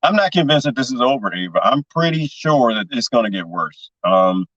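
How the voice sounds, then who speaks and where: A man's voice: medium pitch, very animated, fairly quick, fairly bright tone, no echo. Man, casual livestream chat, rambling, laughing, slightly distant, dry dull sound. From lives in Texas. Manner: rambling, laughs often, conspiratorial. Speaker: livestream host.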